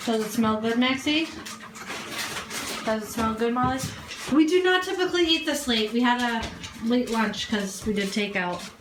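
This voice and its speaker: A woman's voice: on the high side, expressive, normal speed, reverberant, background noise. A woman chatting casually in a home kitchen, telling stories and laughing as she goes. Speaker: vlogger. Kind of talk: casual chat.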